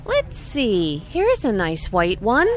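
A woman playing a friendly salesperson in a scripted lesson dialogue, speaking her lines clearly and helpfully. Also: medium pitch, huge pitch swings, slow pace, soft background music. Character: friendly adult female shop salesperson. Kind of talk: scripted role-play dialogue.

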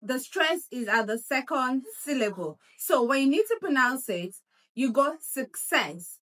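A woman teaching pronunciation, drilling and repeating words slowly so the listener can copy. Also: high-pitched, very animated, fairly bright tone. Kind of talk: pronunciation lesson.

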